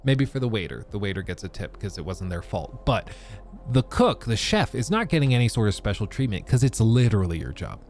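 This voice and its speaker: Guy ranting on his stream, pitch swinging all over, faint music under it. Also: brisk. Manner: ranting, animated, reads chat aloud. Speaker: livestream host. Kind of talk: casual livestream chat.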